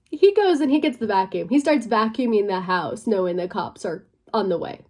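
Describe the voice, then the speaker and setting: Young woman, vlogger, personal storytelling, conversational, lots of fillers, hushed at tense parts. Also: medium pitch. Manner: conversational, many fillers, drops to a near whisper at tense moments.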